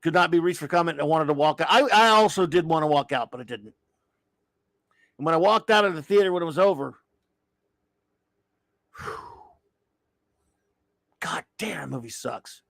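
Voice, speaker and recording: A man's voice: fairly high pitch, expressive, moderate pace, vocal fry, pauses often, fairly bright tone, no echo. A middle-aged man hosting a casual live-stream show, ranting with exasperated sighs, rambling restarts and trailing remarks. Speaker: show host.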